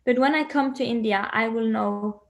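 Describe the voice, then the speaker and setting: A woman's voice: a little high, normal speed, vocal fry. A woman speaking as an interview guest from home on a video call, dreamy and searching for words, laughing often.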